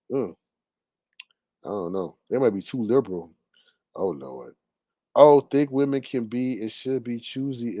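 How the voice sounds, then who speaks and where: A man rants in an indignant, drawling way on a live talk stream. His voice sits at an ordinary middle pitch, recorded dry and close, and it swings between loud outbursts and low mutters. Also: no room sound. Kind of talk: animated casual ranting.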